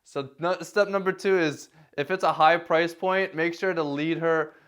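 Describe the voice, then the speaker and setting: In a casual talking-head vlog, a man speaks with fairly even intonation at a moderate pace, his voice a little high, fairly bright and smooth. He offers advice self-deprecatingly, with many fillers, restarts and occasional chuckles.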